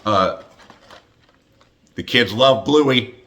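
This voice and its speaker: A man's voice: mid-range voice, lively intonation, drawn-out words, fairly bright tone. A man in his fifties chatting to camera in a joking vlog, teasing and playful, with plenty of fillers and asides. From United States. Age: 50s. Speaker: hockey announcer making a greeting video.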